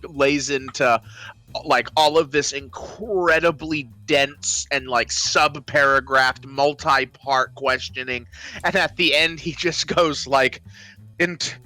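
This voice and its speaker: A man's voice: mid-range voice, slow, bright, forceful tone. A man co-hosting a podcast, retelling film scenes in casual chat and often laughing. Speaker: podcast co-host.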